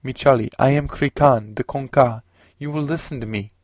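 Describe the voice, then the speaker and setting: A man reading the lines of a stranded human soldier in an audiobook, calm and firm. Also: mid-range voice, normal speed, no echo, natural voice.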